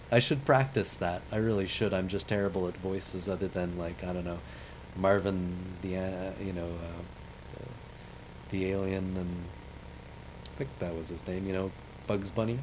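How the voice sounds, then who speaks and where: A man with a lowish voice talks casually over a space-flight game he is streaming. His commentary wanders and chats along, often poking fun at himself, and a faint hum of noise sits under the recording. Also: steady tone, normal speed, a little mellow, low-quality recording. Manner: rambling, self-deprecating, chatty. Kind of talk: casual commentary while playing a space sim.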